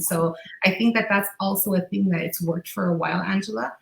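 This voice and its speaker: A woman's voice: medium pitch, fairly quick, gravelly, a little hiss or hum. A woman co-hosting a casual spiritual podcast, telling stories with animation and acting out the voices she quotes. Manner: animated storyteller who acts out quoted voices. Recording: echoey room.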